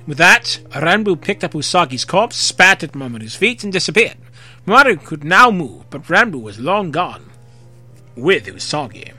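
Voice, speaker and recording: A man reading fan fiction aloud, expressive, with occasional slips and rereads. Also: on the high side, moderate pace, husky, soft background music. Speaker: narrator.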